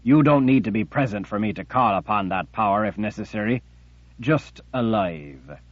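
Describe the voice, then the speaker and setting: A man's voice: on the low side, expressive, no room sound, muffled recording. A man reading a cruel gloating emperor. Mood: cold. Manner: slow, mocking and threatening. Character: menacing cruel male emperor, cold and gloating.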